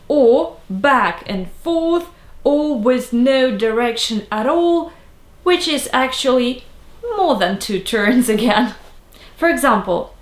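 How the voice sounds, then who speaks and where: A woman teaching a language lesson, saying each example word slowly and carefully. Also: on the high side, roomy sound. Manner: slow careful enunciation of example words.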